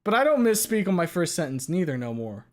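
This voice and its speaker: A man hosting a casual chat, joking and swearing freely in an animated way. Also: high voice, fast. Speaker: host.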